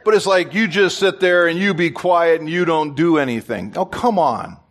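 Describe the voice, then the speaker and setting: A man, a pastor, preaching a sermon in an animated way and joking with his congregation. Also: on the high side, normal speed. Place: church.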